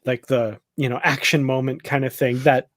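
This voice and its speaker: A man's voice: mid-range voice, level tone, normal speed, dry recording, studio quality. A man co-hosting a casual fan discussion show, chatty and laughing often. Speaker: podcast co-host.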